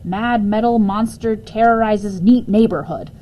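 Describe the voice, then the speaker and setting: A woman reading aloud and voicing a frazzled, fed-up mother with shrill, exasperated outbursts. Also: unhurried, warm tone, a little hiss or hum, close to an everyday voice, rough recording. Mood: indignant. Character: frazzled shrieking mother, fed-up, headline-talking.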